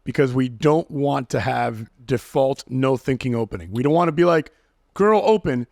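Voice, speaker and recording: Man, casual podcast guest, quick explaining, acts out lines, dry close sound. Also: medium pitch, creaky, no echo. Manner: fast animated explaining, acts out pickup lines. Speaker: guest dating coach.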